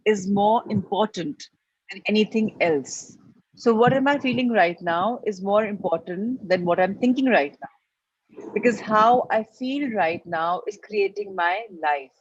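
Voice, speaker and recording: A woman's voice: mid-range voice, animated, measured pace, a little hiss or hum. A woman giving an earnest motivational lesson, repeating and stressing her key points. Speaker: life coach teaching a class. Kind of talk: motivational teaching talk. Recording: slightly muffled lo-fi recording.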